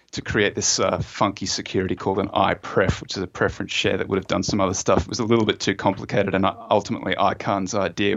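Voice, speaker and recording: A man's voice: fairly low pitch, vocal fry, fairly bright tone, no room sound, highs cut off. A man as a podcast guest, explaining at length and storytelling with fillers and restarts. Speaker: author and fund manager, guest. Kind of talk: conversational explanation in a podcast interview.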